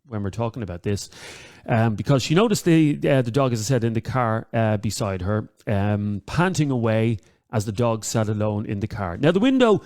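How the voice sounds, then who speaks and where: A man's voice: fairly low pitch, expressive, normal speed, a little mellow. An Irish man hosting a talk radio show, chatting to listeners with lots of ums and uhs and repeating the number to call.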